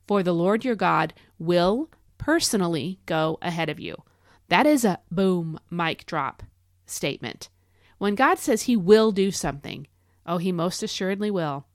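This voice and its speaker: An earnest woman hosting a devotional podcast, with a fairly low voice. She encourages her listeners and leans hard on key phrases. The sound is dry and close, with no room around it. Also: no room sound. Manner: earnest and encouraging, emphatic declarations. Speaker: podcast host.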